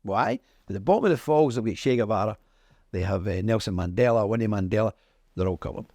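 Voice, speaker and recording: Middle-aged Northern Irish male guest, lively pitch, dry room sound; emphatic storyteller. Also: fast talker, no room sound. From Northern Ireland. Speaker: interview guest. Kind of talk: conversational interview.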